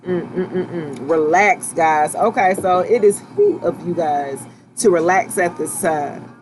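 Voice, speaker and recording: A woman giving a casual tarot reading to her viewers, relaxed and reassuring, often checking in with "okay?" and "right?" and repeating herself as she talks. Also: fairly low pitch, measured pace, slight background noise. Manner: loose, chatty, repeats and restarts phrases. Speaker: tarot reader.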